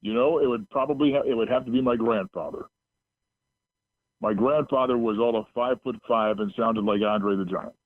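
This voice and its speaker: A man who works as a newsman, judging a comedy show with deadpan, unhurried answers. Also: medium pitch, no echo. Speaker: newsman serving as judge. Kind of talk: dry banter. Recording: phone-like, dry line.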